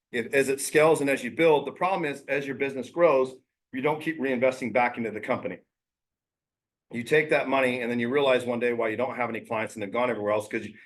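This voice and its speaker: A man coaching real estate agents in a casual, blunt way, using slang and quick impressions of clients. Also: medium pitch, a bit bright.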